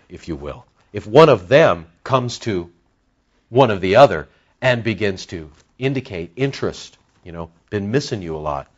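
A pastor preaches in a church, his voice swinging up and down with lively emphasis. He builds to loud peaks on key words and then sinks low and soft. The recording is dull and lo-fi. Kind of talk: sermon. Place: church sanctuary.

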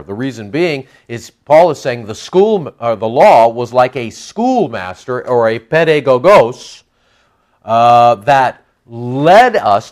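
Teaching the Bible in a conversational way, a man speaks at a medium pitch, asking his audience rhetorical questions. When he reads passages of scripture, he gets louder and slows down.

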